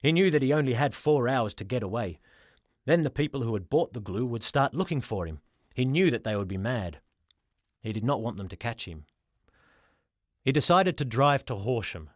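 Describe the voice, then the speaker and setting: Man reading a storybook, lively delivery. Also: mid-range voice, normal speed, dry recording, studio quality. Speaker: audiobook reader. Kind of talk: storybook narration.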